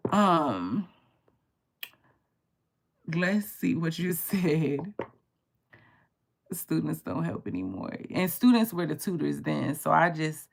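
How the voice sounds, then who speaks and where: A woman tarot reader chatting casually on a live stream, telling stories in an animated way and swearing freely. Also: deep voice, slow pace, vocal fry, long pauses.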